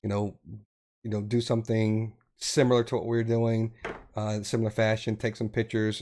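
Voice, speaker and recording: Man, podcast co-host, lowish voice, loose rambling delivery full of ums. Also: dark tone. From Texas. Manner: rambling, with many fillers and restarts. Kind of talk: casual podcast chat. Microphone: podcast mic.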